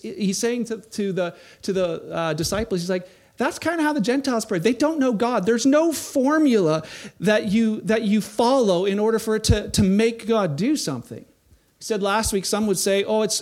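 A man giving a sermon as a pastor, animated, acting out the voices of people he quotes. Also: sits high.

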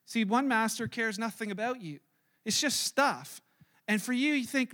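A man preaching a sermon in church, animated and acting out everyday scenes in little voices. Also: extremely high pitch, fairly quick. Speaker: pastor. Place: church service.

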